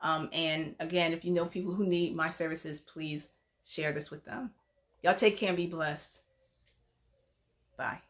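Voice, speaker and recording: A woman's voice: low-pitched, fairly even intonation, unhurried, pauses often. A woman psychotherapist talking straight to her viewers in a heartfelt vlog, encouraging and chatty. She laughs often and uses informal asides like 'y'all'. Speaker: psychotherapist and counselor. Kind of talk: direct-to-camera heartfelt vlog address.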